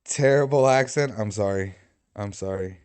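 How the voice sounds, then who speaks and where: A man's voice: fairly low pitch, moderate pace, darkish tone, clear, resonant tone. A man hosting a livestream, talking casually and joking, swearing freely. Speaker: livestream host. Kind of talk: casual live commentary.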